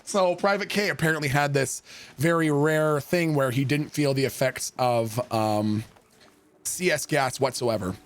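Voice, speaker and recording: A young man streaming a game, telling a story in a loose, animated way and swearing freely. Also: mid-range voice, unhurried. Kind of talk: casual storytelling while gaming.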